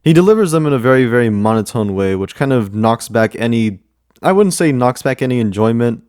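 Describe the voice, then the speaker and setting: A man's voice: medium pitch, lively intonation, a little fast, a little mellow, clear, resonant tone, no echo, clean studio sound. A man giving casual commentary as a music reviewer, rambling with many repeats and fillers.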